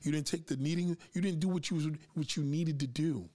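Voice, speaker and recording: A man's voice: fairly high pitch, steady tone, brisk, mellow. A man hosting a live podcast, lecturing his listeners in a confrontational, profane rant and daring them to push back. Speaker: podcast host.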